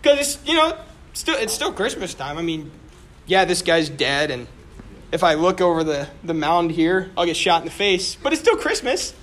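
A man with a very high voice teaches a history class in an animated, joking way, slipping into quick acted-out quotes. He talks in a classroom, with a faint room noise underneath.

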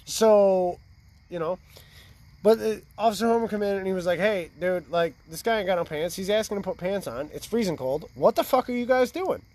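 Profane rambling young man, higher voice. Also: fairly quick, a little mellow. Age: 20s. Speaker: storyteller. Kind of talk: casual drunken storytelling. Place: outdoors by a fire.

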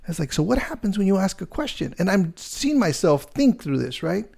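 A middle-aged man, a real estate agent, telling a story in casual chat, rambling and animated with lots of fillers. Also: high-pitched, fairly quick, vocal fry, husky.

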